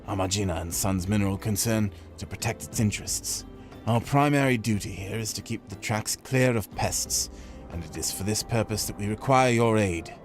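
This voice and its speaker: Stern game mercenary recruiter, voiced by a man, low, formal and deliberate. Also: lightly acted. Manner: measured, formal, lowered delivery. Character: stern, gruff male sellsword recruiter.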